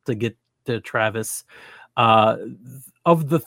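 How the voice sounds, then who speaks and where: A man's voice: fairly low pitch, slow, a bit bright, dry recording. Man, dry recording, hesitant, many restarts, casual podcast. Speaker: podcast co-host. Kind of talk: casual movie discussion podcast.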